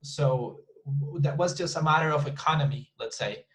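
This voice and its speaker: A man with a slightly high, somewhat bright voice teaches online English at normal speed, captured in poor audio. He's conversational and repetitive, often pausing to question his students.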